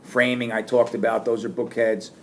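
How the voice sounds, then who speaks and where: A middle-aged man giving a classroom lecture, animated and acting out sarcastic lines as examples. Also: mid-range voice, normal speed, slight background noise. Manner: animated, acts out sarcastic quotes. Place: lecture room.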